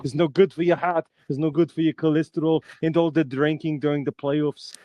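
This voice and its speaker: A man's voice: a little high, level tone, fairly quick, lo-fi sound, a little hiss or hum, pitched above the performer's own voice, natural voice. A man doing a stern action-star ghost. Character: gruff action-star ghost of Christmas future, male adult.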